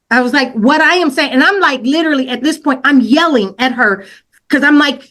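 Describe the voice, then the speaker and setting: A woman telling her own story as a podcast guest, casual and slangy, acting out what she said back then with lots of fillers and restarts. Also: brisk. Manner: animated retelling, acts out her own quoted lines louder and higher.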